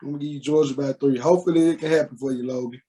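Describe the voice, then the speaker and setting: A man co-hosting a casual sports podcast, giving his pick in a relaxed way with some hesitant fillers. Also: mid-range voice, rapid-fire, low-quality recording. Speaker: podcast co-host.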